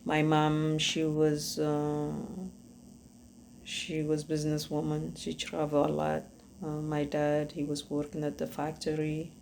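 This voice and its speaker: A woman from Ethiopia with an Ethiopian accent speaks in a low, steady voice with a gravelly fry. She gives earnest personal testimony as a podcast host, halting and searching for words. Faint noise sits behind her.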